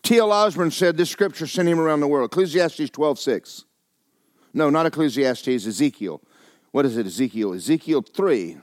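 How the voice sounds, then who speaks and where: An older man, preaching a sermon in a church. He moves between loud, urgent preaching and quiet, joking asides. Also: fairly high pitch, lively intonation, moderate pace, no room sound, studio quality. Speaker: pastor. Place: church sanctuary.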